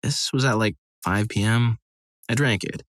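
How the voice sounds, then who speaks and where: Low-voiced man narrating stories. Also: normal speed, fairly bright tone, dry recording. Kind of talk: scripted narration of reader stories.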